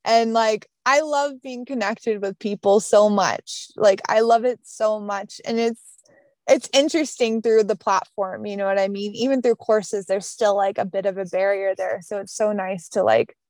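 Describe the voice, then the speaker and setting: A woman's voice: mid-range voice, normal speed, a little mellow, no room sound. Chatty, bubbly woman with a Southern accent. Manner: bubbly, chatty, full of fillers and likes. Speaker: podcast guest, business coach. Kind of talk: casual interview chat. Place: mountain home.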